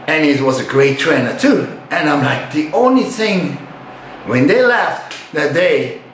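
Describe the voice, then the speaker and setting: A man's voice: a little high, animated, slow pace, a bit bright, a little hiss or hum. An older man telling a story about his past in casual, profane speech, acting out his own reactions. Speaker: retired bodybuilder. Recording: roomy echo.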